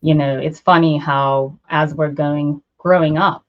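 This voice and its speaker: A woman with a very low voice chats as co-host, affirming her guest and asking eager questions. Her audio is muffled and lo-fi. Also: steady tone, a little slow. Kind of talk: casual conversational talk. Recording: dull lo-fi audio.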